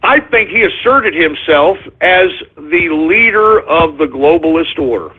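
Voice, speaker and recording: A radio host man rants in a combative monologue, his voice high and husky. He keeps cutting in with loud shouted bursts. The sound is thin and narrow, like a phone line. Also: expressive, unhurried. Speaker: radio talk show host. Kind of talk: political talk radio monologue.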